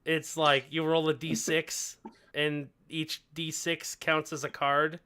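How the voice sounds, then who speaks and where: Guy running a tabletop game, slow, stumbly, bright tone. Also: a little high, level tone, smooth. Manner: halting, lots of fillers and restarts. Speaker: game master.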